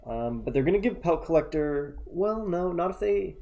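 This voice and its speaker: A man's voice: fairly high pitch, animated, moderate pace, creaky, dark tone, highs cut off. A man casually commenting on his own card game as he plays, thinking aloud and joking at himself, tired and yawning at times. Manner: chatty, self-mocking, thinks aloud. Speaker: gameplay commentator.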